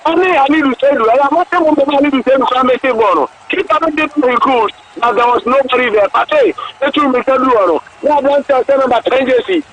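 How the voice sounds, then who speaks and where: Ghanaian man, very high voice, excitable live football calls, muffled lo-fi radio sound. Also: a little fast. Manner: excitable, repetitive exclamations, mixes languages. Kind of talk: excited live match commentary. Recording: dull lo-fi radio broadcast.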